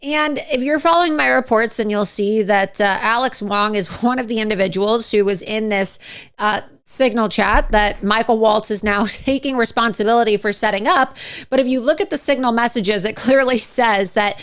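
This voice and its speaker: Smooth-voiced woman political commentator. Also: fairly high pitch, moderate pace, a bit bright. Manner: chuckles mid-sentence, emphatic, repeats points. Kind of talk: opinion commentary.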